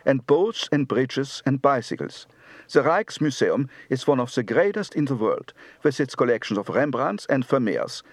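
A man putting on a heavy Dutch accent to play an unhurried Dutch man explaining his city in English, slow and instructive. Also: medium pitch, no echo.

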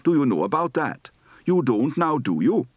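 Guy doing welsh accent practice lines, singsong ups and downs, very lively pitch. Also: normal speed, no room sound, highs cut off. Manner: sing-song falling and rising lilt. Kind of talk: accent demonstration drill.

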